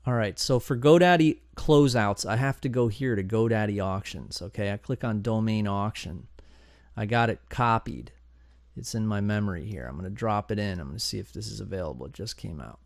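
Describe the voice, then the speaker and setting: A man hosting a domain investing channel, talking through a live screen-share tutorial in an excitable, chatty way, thinking aloud as he goes. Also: fairly low pitch, a little fast, no echo, studio quality. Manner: excitable and chatty, bursts of enthusiasm and groans.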